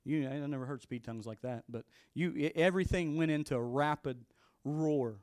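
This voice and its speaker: A man's voice: on the high side, fairly quick, a little mellow, no room sound, clean studio sound. A middle-aged male pastor telling a story in a sermon and pressing his point with emphatic, repeated exhortations.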